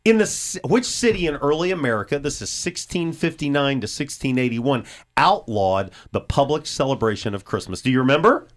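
A man's voice: medium pitch, expressive, a little fast. A man hosting a radio talk show, running a holiday quiz in a chatty, explaining way. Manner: chatty, explains history at length, Bible-literate. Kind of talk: casual chat, hosting a quiz.

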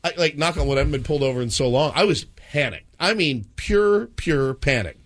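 A man's voice: fairly high pitch, a little fast. A man in his thirties, co-hosting a radio morning show, telling a story with lots of acted-out voices. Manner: animated, acts out voices in his stories.

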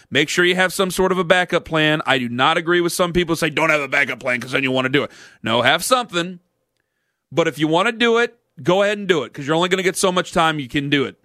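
A man in his thirties hosting a sports talk radio show, animated, self-mocking and earnest, speaking into a studio microphone. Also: high-pitched, dry recording. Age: 30s.

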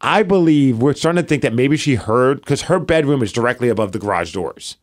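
A man in his thirties co-hosting a podcast, telling a story with plenty of energy. His voice sits at a middle pitch, and he slips into quoted lines as he goes. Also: brisk. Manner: animated storytelling, acts out quotes. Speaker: podcast co-host. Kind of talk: casual chat.

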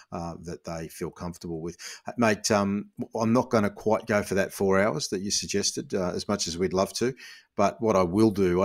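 A man hosting a podcast, chatty and relaxed, with many fillers. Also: low voice. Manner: chatty, laughs easily, filler-heavy. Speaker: podcast host. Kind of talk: casual chat and read ad.

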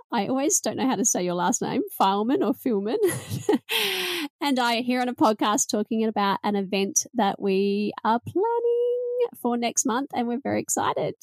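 A woman's voice: medium pitch, very animated, normal speed, no room sound. A woman with an Australian accent hosting a podcast in bubbly, chatty talk, laughing often. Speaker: podcast host. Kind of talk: casual chat.

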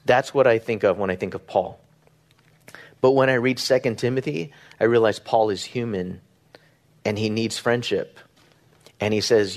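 A middle-aged man, a pastor from Southern California, preaching in an earnest, conversational way, with rhetorical questions and small restarts. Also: mid-range voice. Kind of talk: sermon.

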